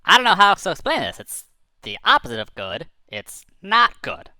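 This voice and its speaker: A self-satisfied male bird inventor who boasts about his degrees and his rocket, as a man puts him on. The voice is bright and bouncy with a lively swing in pitch. It is recorded dry and close, with no room sound. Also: normal speed, smooth, no echo, heavily acted. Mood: worried. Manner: smug, matter-of-fact, a little indignant. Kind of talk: improvised storytelling.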